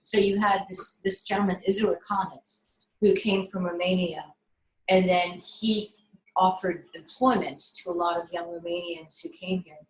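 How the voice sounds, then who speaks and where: A middle-aged woman filmmaker telling stories casually on a video call, animated and full of restarts. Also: on the low side, moderate pace. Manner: animated, with frequent restarts and fillers. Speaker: filmmaker being interviewed. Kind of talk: casual conversational storytelling. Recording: echoey room on a video call.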